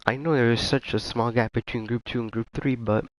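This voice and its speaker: A man's voice: mid-range voice, steady tone, fairly quick. A man casually commentating a sim racing league stream, rambling and easygoing with muttered asides. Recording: faint background noise.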